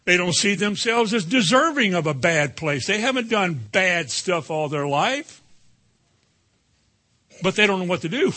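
High, bright-voiced preacher man. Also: lively intonation, unhurried. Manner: emphatic, calls for congregation response. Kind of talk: sermon.

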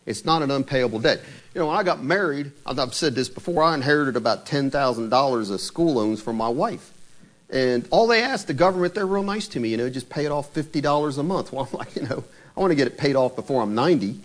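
A married man preaching a sermon in an animated way, asking many rhetorical questions and retelling scripture. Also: mid-range voice, quick pace. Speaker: pastor.

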